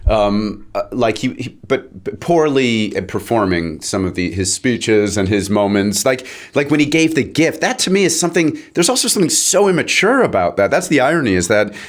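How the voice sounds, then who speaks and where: A man's voice: medium pitch, sing-song, normal speed, hardly any pauses. A man chatting as a podcast guest, rambling and stopping to search for words mid-sentence. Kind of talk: casual chat.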